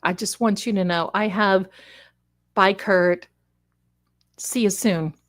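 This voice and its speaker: A woman's voice: mid-range voice, fairly even intonation, slow pace. A woman hosting a psychic livestream, chatting casually and rambling, calling her viewers "my darlings.". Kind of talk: casual live-stream chat.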